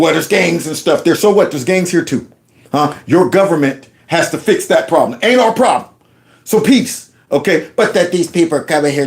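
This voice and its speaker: A man hosting his own channel gives opinionated commentary over clips, speaking emphatically and colloquially with plenty of rhetorical questions. His voice sits high with a darkish tone.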